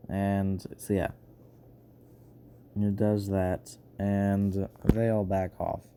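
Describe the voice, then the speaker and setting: A man's voice: low-pitched, little pitch movement, extremely slow, background noise. A man casually retelling a fan story, rambling and correcting himself with many fillers.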